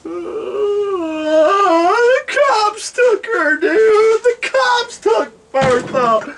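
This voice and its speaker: A man voicing a distraught young stoner man who wails and sobs in a tearful, drawn-out way. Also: very high voice, animated, a bit bright, recorded from a distance, a little hiss or hum, pitched above the performer's own voice, heavily acted. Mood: sobbing.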